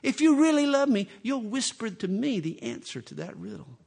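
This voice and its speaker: A man doing a wheedling high-voiced young wife. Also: big pitch swings, normal speed, vocal fry, a little mellow, husky, heavily acted. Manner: coaxing, wheedling. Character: whiny manipulative young wife pleading. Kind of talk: sermon.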